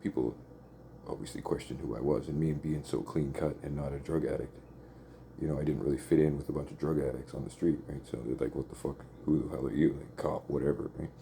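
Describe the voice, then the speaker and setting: A man's voice: a bass voice, steady tone, fairly quick, creaky, warm tone, a little hiss or hum. A man telling a long personal story in a rambling, profane, casual way, peppered with "like" and "right?".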